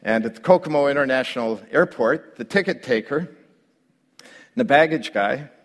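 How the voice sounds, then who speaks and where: A middle-aged man, a pastor, telling a story in a sermon with lively delivery that climbs and grows louder when he relives his own panic. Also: mid-range voice, moderate pace. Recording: long hall reverb.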